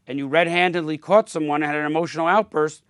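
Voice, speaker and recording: A man's voice: on the high side, steady tone, fast talker, a bit bright, clean tone, no echo, clean studio sound. A man in a podcast debate, talking emphatically and acting out quoted speech.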